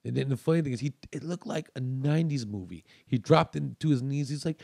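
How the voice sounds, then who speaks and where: A man's voice: on the high side, brisk, vocal fry, dark tone, dry recording, clean studio sound. A male comedian telling a rambling story in casual chat, restarting sentences and acting out what others said. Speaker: comedian guest.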